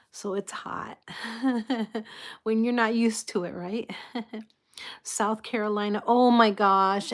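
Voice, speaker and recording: A woman hosting a casual live chat with her viewers, soft-spoken and apologetic, greeting people and laughing often. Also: medium pitch. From United States. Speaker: livestream host.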